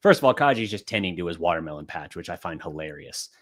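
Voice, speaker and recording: A man co-hosting a podcast, chatting casually through an episode recap and acting out character lines in quick bits. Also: low-pitched, animated, fairly bright tone. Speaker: podcast co-host. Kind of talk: casual anime recap chat.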